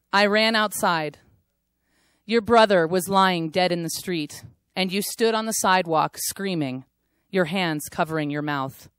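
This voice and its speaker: A woman performing her own spoken word poem, telling it in a hushed, intense way that swells at times. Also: lowish voice, clear, resonant tone, no echo. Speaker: poet. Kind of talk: spoken word poetry reading.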